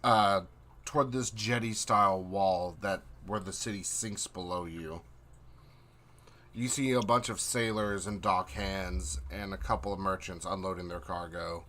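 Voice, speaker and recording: Bright-voiced male game master. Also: deep voice, unhurried, a little hiss or hum. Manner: relaxed, hesitant, with fillers. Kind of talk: narrating a tabletop game.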